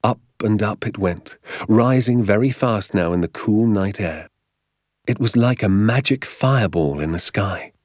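A man narrating a storybook in a measured, expressive telling. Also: lowish voice, no room sound, clean studio sound. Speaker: audiobook narrator. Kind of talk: scripted narration.

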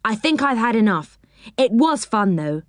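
A cheerful young boy talks in an easygoing, slightly sheepish way, voiced by a woman narrator. His voice is lightly raised and lively. The sound is close and dry. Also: on the high side, moderate pace, no room sound.

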